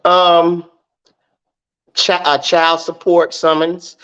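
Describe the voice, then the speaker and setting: A man's voice: fairly high pitch, level tone, drawn-out words, fairly bright tone, clean tone. Middle-aged male comic guest, casual, stammery repeats, muffled lo-fi audio. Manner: easygoing, repeats words while searching for them. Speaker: comedian and podcast guest. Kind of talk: casual chat.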